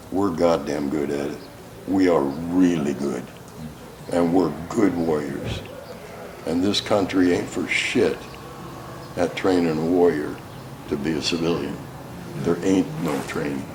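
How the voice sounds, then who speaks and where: In a roomy theater school hall with faint ambience and background noise, an older man with a low voice gives a storytelling talk. The war veteran's tales are folksy and profane, often interrupted by his own laughter.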